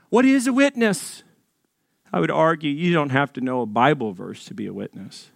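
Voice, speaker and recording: A man, a pastor telling a storytelling sermon in an animated, jokey way, acting out voices in his anecdotes. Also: a little high, moderate pace, gravelly, no room sound, clean studio sound.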